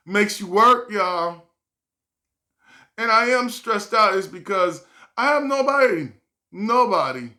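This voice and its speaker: Brief: vlogger on their own channel, bright tone, stressed and rambling, sighs and laughs while acting out what others said. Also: medium pitch, very animated, a little slow. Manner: rambling, stressed, acts out other people's words. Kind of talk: storytime vlog.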